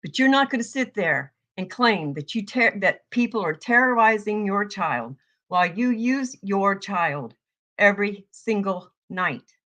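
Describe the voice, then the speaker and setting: A woman giving a heated, profane commentary rant, yelling at times. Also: mid-range voice, lively intonation, unhurried. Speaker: online commentator.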